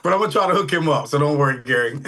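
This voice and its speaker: A middle-aged man, a rock singer, chatting over a video call in a relaxed, rambling way with many fillers. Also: on the high side, fast. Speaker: rock band lead vocalist. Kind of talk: casual interview chat.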